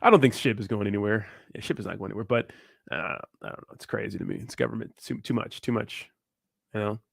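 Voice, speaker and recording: A man's voice: fairly low pitch, steady tone, quick pace, creaky, slightly rough, dry recording, studio quality. A young man from Southern California hosting a crypto livestream, chatting casually and crudely, joking and laughing as he reads viewer comments.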